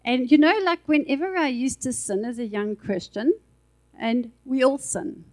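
A woman's voice: high voice, normal speed, rough recording. A woman preaching a sermon in a chatty, conversational way with asides, speaking into a handheld mic in a church. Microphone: handheld microphone.

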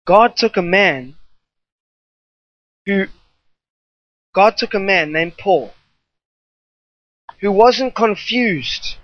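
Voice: mid-range voice, lively intonation, very slow, pauses often, dry recording. An emphatic preacher delivering a sermon, leaning on repetition and drifting into off-the-cuff asides. The recording is dry, with no room sound, and slightly dull and muffled in tone.

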